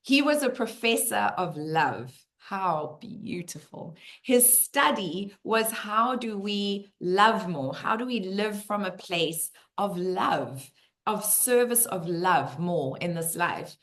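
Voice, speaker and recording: A woman's voice: mid-range voice, slow pace. A middle-aged woman, teaching and telling stories in a casual community Q&A, acting out the voices she quotes. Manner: animated storyteller who acts out the voices she quotes.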